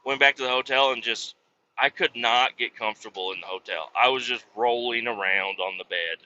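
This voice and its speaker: A swearing, self-mocking Midwestern man rambles through a story from behind the wheel of his truck. His voice is sharply bright and sits at a middle pitch, and the recording sounds dull and lo-fi. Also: brisk, a little hiss or hum. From Kansas City, USA. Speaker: truck driver vlogger. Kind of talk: casual storytelling monologue while driving. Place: in a truck cab while driving.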